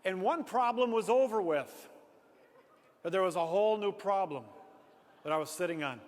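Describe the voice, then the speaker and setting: Man, high voice, animated self-mocking storyteller to a live crowd; long hall reverb. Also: moderate pace, a little hiss or hum. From Minnesota. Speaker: speaker. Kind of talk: storytelling talk to an audience. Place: large hall before an audience.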